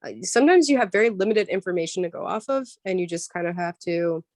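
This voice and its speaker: Woman, voice actor guest, lower register, dry close sound, animated and chatty. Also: fast, dry recording. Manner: lively, explanatory, frequent "um" and "like". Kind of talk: casual interview chat.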